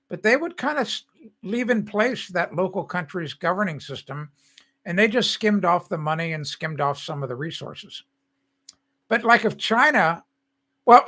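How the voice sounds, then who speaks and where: Here the same kind of host, a U.S. man in his sixties, chats loosely on his live stream, picking up and replying to viewer comments. His voice is high-pitched, bright and forceful.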